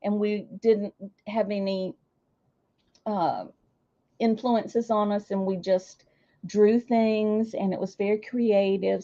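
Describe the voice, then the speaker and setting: A woman with a warm, mid-range voice hosts a casual livestream, chatting with viewers and calling out their names. Her manner is chatty and self-deprecating, and the audio sounds dull.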